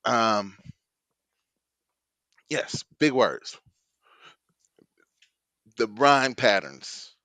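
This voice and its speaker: A man's voice: mid-range voice, sing-song, very slow, long pauses, pushed and bright, dry recording. A man co-hosting a podcast, insistently arguing about rap lyrics, often restarting mid-thought and swearing. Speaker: podcast co-host.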